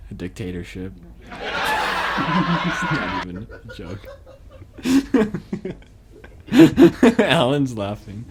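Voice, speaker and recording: Man co-hosting a podcast, giggly and jokey, lively swinging pitch, faint background hiss. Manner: giggly, laughs often, jokey and silly. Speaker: podcast co-host. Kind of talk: casual chat.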